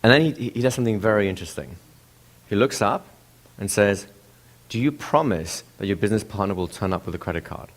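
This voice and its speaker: A seminar presenter lectures animatedly, telling a story and throwing rhetorical questions at the audience. His voice is fairly low and he talks fast.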